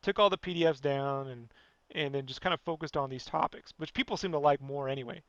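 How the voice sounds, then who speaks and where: A man with a high, bright voice rants bluntly on his own podcast, swearing freely and circling back with "you know" again and again. The sound is dry and dull, like a lo-fi home recording. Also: fast, no room sound. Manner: blunt, profane, rambling, fillers like "you know". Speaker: podcast host. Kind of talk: casual podcast rant.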